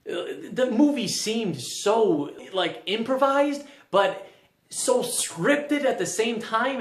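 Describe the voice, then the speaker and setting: A young man talks through a movie review in a loose, rambling way. He stumbles over repeated restarts and leans on filler words. His voice sits a little high, and the room around him sounds echoey. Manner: rambling, stammers with restarts, frequent "like". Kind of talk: casual spoken film review.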